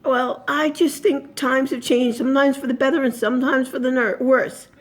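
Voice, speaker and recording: A woman's voice: sits high, steady tone, normal speed, natural voice. A woman voicing a friendly, proud elderly male navy veteran, in a folksy, conversational way in a spoken story. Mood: wistful.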